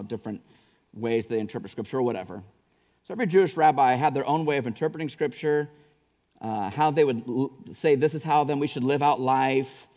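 A man's voice: mid-range voice, darkish tone. Guy pastor preaching, chatty then fired up, big churchy reverb. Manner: conversational preaching, rising to fervent emphasis. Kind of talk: sermon. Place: church sanctuary.

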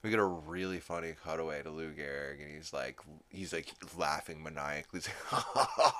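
A man's voice: rumbling low, normal speed, hardly any pauses, a bit bright, dry recording. A man hosting a podcast, casually recapping a cartoon episode with lots of fillers and swearing. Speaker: podcast host.

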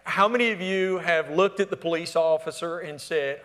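A man preaching a sermon as pastor, asking the congregation to fill in words and swinging between emphatic calls and hushed, near-whispered lines. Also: on the high side, moderate pace. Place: church sanctuary. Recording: long hall reverb.

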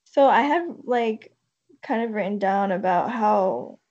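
A woman's voice: medium pitch, expressive, measured pace, a little mellow. A woman co-hosting a podcast, speaking in a reflective way and using lots of fillers. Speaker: podcast co-host. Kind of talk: casual chat. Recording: dull lo-fi mic.

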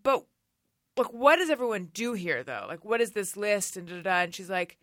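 A woman hosting a casual podcast, her nose stuffed up. She talks in an animated, storytelling way with a bright, bouncy voice. The sound is dry and close. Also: medium pitch, no room sound. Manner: animated storytelling, quick laughs. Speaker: podcast host. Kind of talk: casual chat.

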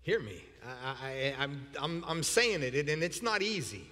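Bright-voiced guy preaching, kinda high, big reverby hall, gets loud and repeats himself. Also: unhurried. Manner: animated, repeats words, shouts for emphasis. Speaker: pastor. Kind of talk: sermon.

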